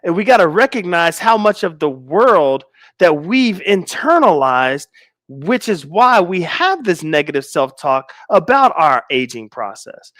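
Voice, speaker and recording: A man in his forties talks to his livestream audience, trading easy banter with the chat. When he makes a point, he slows down and leans hard on each phrase. His voice sits a touch high and comes through close and dry. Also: very animated, fairly bright tone, no echo. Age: 40s. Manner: slow, emphatic stress on key lines; laid-back banter with viewers. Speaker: livestream host. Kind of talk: livestream talk, reading chat comments.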